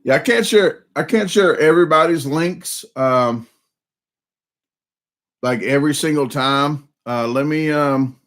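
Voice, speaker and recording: Hosting a casual live stream, a Southern US man rambles with lots of fillers and restarts, sounding a little hoarse and coughing. His voice is fairly high and a bit bright, and he speaks a little slowly.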